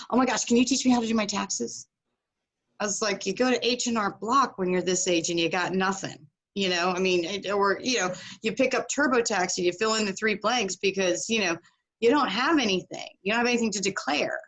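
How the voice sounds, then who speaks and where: This middle-aged woman's voice sits in the mid range and moves briskly. Appearing as a podcast guest, she tells a casual story with animation, acting out each person she quotes.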